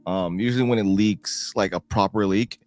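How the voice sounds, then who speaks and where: Man, livestream guest, easygoing, laughs often, somewhat low voice, faint music behind. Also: normal speed, darkish tone, dry recording. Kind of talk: casual chat on a livestream.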